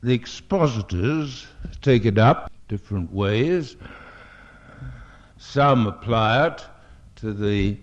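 An older man, preaching a sermon at a fellowship meeting and reading scripture in a slow, deliberate, emphatic way. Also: mid-range voice. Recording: dull lo-fi recording.

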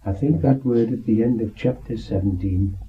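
A man in a Bible study discussion, measured in speech and often agreeing. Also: fairly low pitch. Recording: distant, tinny phone-like recording.

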